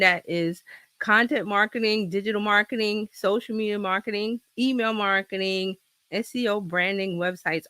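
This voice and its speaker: Bright-voiced woman hosting a chatty livestream. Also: medium pitch, no room sound. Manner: chatty, rambling, laughs often. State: slight cold, scratchy throat. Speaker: host. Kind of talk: casual livestream chat. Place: home office. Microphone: laptop with external mic.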